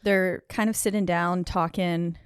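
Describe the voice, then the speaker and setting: A woman's voice: fairly low pitch, fairly even intonation, measured pace, smooth, dry recording, studio quality. A woman co-hosting a podcast, casually recapping a movie scene by scene with lots of "like" and "um". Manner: chatty, retells scenes with lots of "like". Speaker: podcast co-host.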